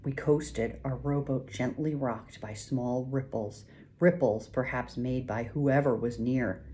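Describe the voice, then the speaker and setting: Very low-voiced woman narrating. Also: dark tone, a little hiss or hum. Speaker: audiobook narrator. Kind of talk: scripted first-person narration.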